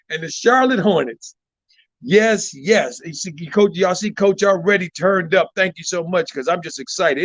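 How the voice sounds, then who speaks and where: A man hosting a live stream, excitable, shouting out viewers and repeating his phrases. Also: high-pitched, no echo, lo-fi sound. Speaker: livestream host. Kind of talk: hyped live stream chat.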